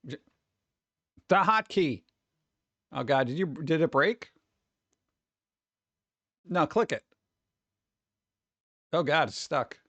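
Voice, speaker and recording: A man's voice: a little high, lively intonation, slow pace, long pauses, fairly bright tone, dry recording, lo-fi sound. Laid-back rambling male streamer. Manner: rambling, laid-back, says "dude" a lot. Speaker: streamer chatting with viewers. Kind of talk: casual livestream chat.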